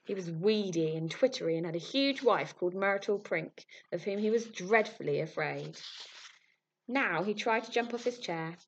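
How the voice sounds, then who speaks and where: A woman reading a storybook aloud with lively expression. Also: medium pitch, normal speed, slight background noise. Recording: muffled lo-fi recording.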